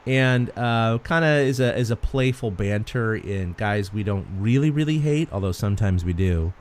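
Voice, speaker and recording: A man co-hosting a sports podcast, an animated storyteller who laughs often in casual chat. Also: fairly low pitch, moderate pace, a little hiss or hum. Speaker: podcast co-host.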